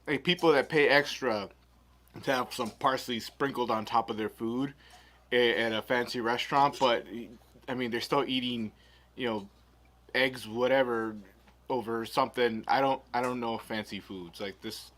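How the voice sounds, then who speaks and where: A man's voice: medium pitch, steady tone, normal speed, a bit bright. Chatty man rambling through a food review. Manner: rambling, chatty while eating.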